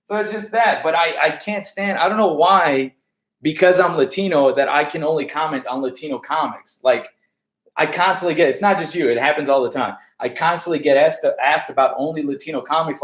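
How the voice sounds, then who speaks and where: Heard in a roomy sound, a stand-up comedian from the United States speaks with a fairly high pitch. It's a casual backstage interview, and his talk is profane and rambling with plenty of restarts.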